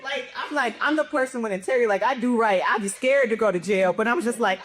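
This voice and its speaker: Animated woman telling a funny story. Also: a little high, moderate pace. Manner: animated, acts out quotes with laughter. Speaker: panel guest. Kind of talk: casual storytelling.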